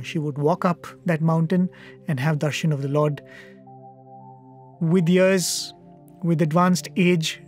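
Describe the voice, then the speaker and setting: Man, fairly high voice, devotional storytelling talk, earnest and reflective, faint music behind. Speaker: satsang speaker.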